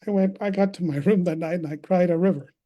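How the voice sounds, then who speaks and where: A man's voice: high voice, fast, muffled recording. A man in his thirties speaking as a conference guest on a video call, telling a personal story in an earnest, reflective way. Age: 30s. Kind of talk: personal testimony talk.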